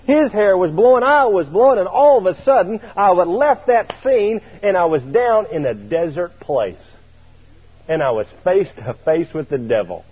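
A man preaching a sermon, telling a story in an animated way and chuckling now and then. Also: high voice, normal speed, slightly rough. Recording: tinny radio broadcast.

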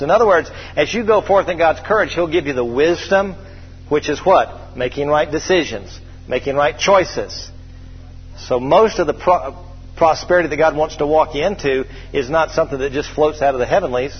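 A man's voice: a little high, breathy edge. Man preaching a sermon in a hall. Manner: preacherly, drawn-out scripture reading, lively storytelling. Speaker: pastor. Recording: dull lo-fi hall recording.

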